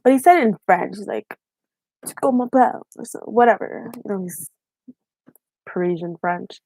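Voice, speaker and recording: A woman's voice: mid-range voice, normal speed, a little mellow, no room sound. A young woman from Haiti, a YouTube vlogger, telling a story in casual live-stream chat with fillers and laughs.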